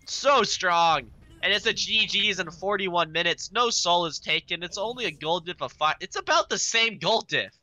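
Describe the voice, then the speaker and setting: A man with a hoarse voice casting esports play-by-play with excitable energy, coughing now and then. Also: high-pitched, moderate pace, no room sound. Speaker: esports caster. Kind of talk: live esports commentary.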